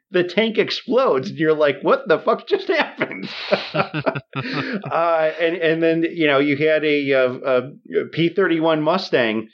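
Male podcast co-host, mid-pitch, casual and halting, livens up for the exciting parts; dull lo-fi sound. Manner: halting, many restarts and fillers, animated retelling. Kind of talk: casual movie discussion.

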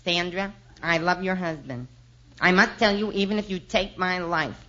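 A man's voice: sits high, moderate pace, pushed and bright. A man voicing a scheming, lovesick young woman in a 1950s radio comedy sketch, sobbing melodramatically. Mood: melodramatic. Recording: dull old radio broadcast with audience.

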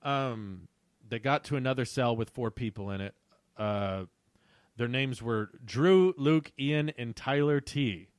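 A man's voice: mid-range voice, unhurried, dry recording. Young man, reads old story aloud with amused commentary, dry close sound. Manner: amused, laughs at his own writing. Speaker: YouTuber reading his childhood story.

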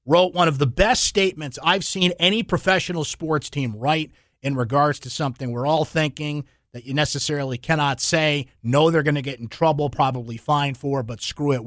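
Energetic sports radio host, man. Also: a little high, dry recording, studio quality. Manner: energetic, quick, chatty, laughs often. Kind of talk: casual sports talk radio. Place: radio studio.

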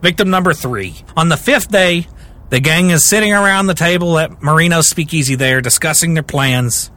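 A male podcast host telling a story in casual chat, animated and often repeating words as he starts a sentence. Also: on the high side, moderate pace.

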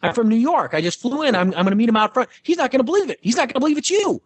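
An eager young woman fan gushes in a high, bright voice, as a man puts her on in his story. She sounds breathless and thrilled, her pitch jumping up and down. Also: expressive, very fast, husky, no room sound. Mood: excited. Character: excited young female fan at an airport. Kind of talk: acted quote in an anecdote.

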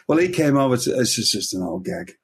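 A man's voice: mid-range voice, big pitch swings, fast talker, breathy edge. An older man with an English accent, chatting casually and telling anecdotes, laughing at his own jokes. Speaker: podcast guest storyteller.

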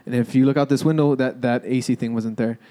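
Rambling young man with a mellow voice. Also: medium pitch, fairly even intonation, fast talker. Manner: rambling, cursing, hesitant restarts. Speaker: storyteller. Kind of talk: casual storytelling among friends.

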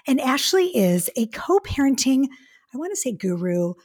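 A woman hosting a relationship podcast, effusive and chatty, talking in quick asides and gushing over her guest. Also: high-pitched, big pitch swings, darkish tone. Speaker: podcast host.

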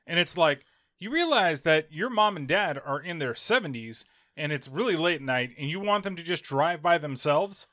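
Exasperated bright-voiced man venting. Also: fairly high pitch, animated, a little slow. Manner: exasperated, swears freely, acts out others' lines. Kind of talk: casual venting chat.

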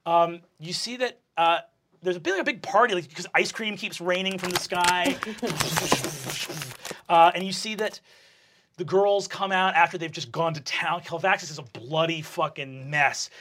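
A man narrating a tabletop game as game master, animated and excitable. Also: high voice, unhurried.

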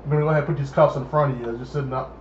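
A young man telling a casual story, animated and acting out the people in it. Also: mid-range voice, rapid-fire. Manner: animated, acts out voices in his story. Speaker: storyteller guest. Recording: echoey dull room with noise.

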